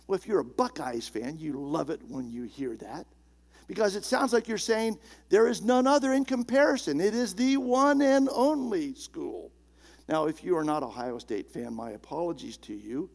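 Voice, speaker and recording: A male pastor preaching a sermon, emphatic, slowing down and dropping low and soft on key words. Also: creaky.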